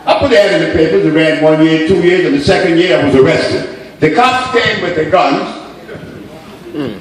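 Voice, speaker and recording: A man telling stories to an audience as a lecturer, animated and playful, often laughing as he speaks. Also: on the high side, moderate pace. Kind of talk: storytelling talk to an audience. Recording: roomy hall from far off.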